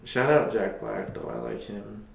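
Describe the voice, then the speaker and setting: A man co-hosting a podcast in casual joking chat, laid-back and quick to laugh. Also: fairly low pitch, creaky. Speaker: podcast co-host. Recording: echoey room, faint noise.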